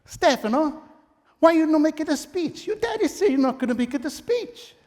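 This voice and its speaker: A man voicing his mother in her sixties, coaxing gently in broken English. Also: very high-pitched, animated, normal speed, in a large hall, pitched above the performer's own voice.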